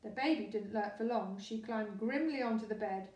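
A woman storyteller reading a children's storybook aloud in a lively, expressive way, with a distant, echoey sound. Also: medium pitch, normal speed. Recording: roomy echo, distant mic.

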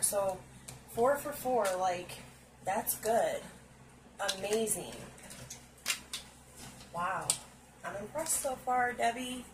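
Gushy lady vlogger unboxing stuff, slow talker, kinda high voice, noisy room. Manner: gushing, exclaims often, talks to viewers directly. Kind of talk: casual unboxing chat to camera. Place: indoors at home, seated on a stool.

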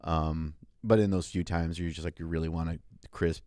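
A man's voice: low-pitched, fairly even intonation, normal speed, warm tone, no echo, studio quality. A man co-hosting a casual podcast, talking in an easygoing, loose way. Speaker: podcast co-host.

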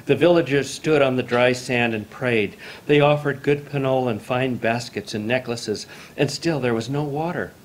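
A man reading a traditional folk tale aloud in a measured, formal storytelling manner. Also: medium pitch, slight background noise.

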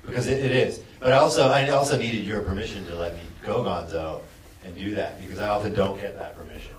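A man, an actor, speaking on a panel in a relaxed way, laughing easily and repeating words. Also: lowish voice, fast. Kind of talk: casual panel conversation. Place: auditorium at a screening event. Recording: echoey hall from far off, faint noise.

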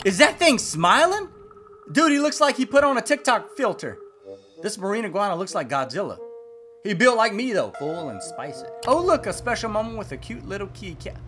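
A man hosting a reaction video, cracking quick jokes with sudden loud exclamations. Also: sits high, very animated, soft background music. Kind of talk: jokey reaction commentary.

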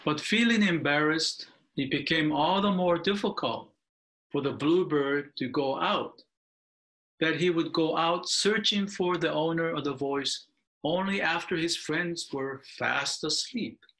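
An older male minister reads a picture book aloud at a slow, unhurried pace. His voice is bright and a little high, and he pauses now and then to explain the story. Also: low-quality recording. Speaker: Buddhist minister. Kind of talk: reading a picture book within a sermon.

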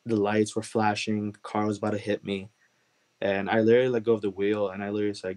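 Guest testimony: earnest man with a lowish voice, emotional, repeats himself for emphasis. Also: flat delivery, fast, darkish tone. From Chicago, USA.

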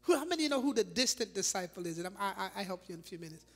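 A woman bishop preaching a sermon in a church, dramatic and animated, firing rhetorical questions at the congregation with laughing asides. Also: mid-range voice, very fast. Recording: long reverb of a large church hall.

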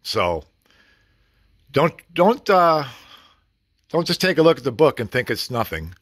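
Middle-aged guy ranting blunt on his vlog, swings his pitch up and down a lot, dry close sound. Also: very animated, measured pace, a bit bright, no room sound. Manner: blunt, ranting, swears freely. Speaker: vlogger. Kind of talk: casual venting monologue.

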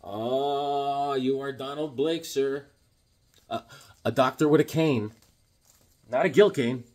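A man's voice: mid-range voice, fairly even intonation, slow pace, a little mellow. A man chatting casually and joking as he leafs through comics, rambling into silly asides. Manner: rambling, joking, slips into silly voices and songs. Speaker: comic collector host. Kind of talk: casual comedic chat.

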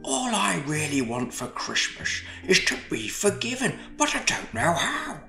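A man's voice: high voice, big pitch swings, slow, vocal fry, pushed and bright, roomy sound, soft background music, voice pushed up, heavily acted. A man voicing a remorseful, jolly old Father Christmas. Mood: regretful.

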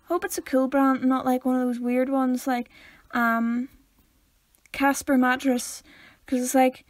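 A young Northern Irish woman with a high voice chats casually as a podcast co-host. She cracks deadpan jokes and stumbles a little when reading aloud, close to the mic in a dry room. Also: no room sound. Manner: playful, deadpan jokes, reads aloud haltingly. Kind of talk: casual chat.

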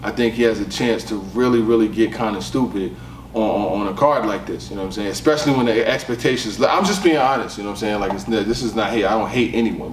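Laid-back man rambling in a roomy space. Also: fairly low pitch. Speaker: commentator on battle rap. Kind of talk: casual talk commentary. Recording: roomy echo, distant mic, faint noise.

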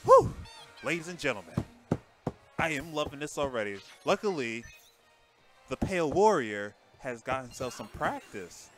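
A man commentating a fighting game match live, his voice rising and falling in a lively, animated way. He is chatty and excitable, breaking into loud outbursts and then dropping to quiet asides. Faint music plays behind him. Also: mid-range voice, moderate pace. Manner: excitable, chatty, swings between shouts and mutters. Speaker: tournament commentator.

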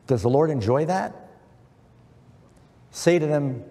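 A man's voice: mid-range voice, lively intonation, normal speed, warm tone. A middle-aged man preaching an earnest sermon, quoting scripture with emphasis. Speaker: pastor. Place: church. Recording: long church reverb.

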